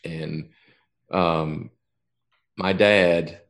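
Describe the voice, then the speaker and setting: A man's voice: sits low, fairly even intonation, extremely slow, fairly bright tone. A man in his fifties telling a long personal story in casual chat, rambling and profane, often restarting his sentences.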